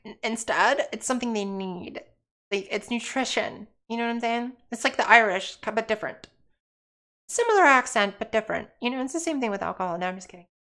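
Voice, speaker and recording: A woman's voice: fairly high pitch, a bit bright. A woman chatting casually while she streams a game, rambling and joking as she plays. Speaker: let's play streamer. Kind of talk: casual chat while gaming.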